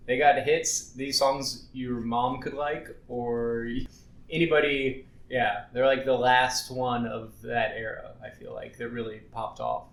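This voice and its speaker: A man of middle pitch co-hosting a podcast, rambling loosely and filling his talk with "like" as he chats about music. His voice carries a roomy echo. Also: little pitch movement, measured pace. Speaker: podcast co-host. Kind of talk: casual chat.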